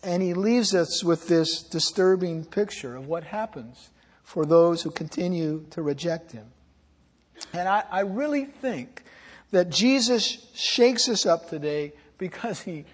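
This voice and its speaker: A man preaching in an earnest, pleading way, drawing out his key phrases. His voice sits high for a man. The sound rings with the long reverb of a church sanctuary. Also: animated, breathy edge. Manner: earnest, pleading, slows for emphasis. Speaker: pastor. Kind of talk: sermon.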